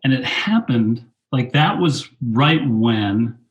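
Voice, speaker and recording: Lively storytelling man. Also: mid-range voice, slow pace, dull audio. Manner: animated anecdotes, quotes himself in a raised voice. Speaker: guest, film director and teacher. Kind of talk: storytelling interview.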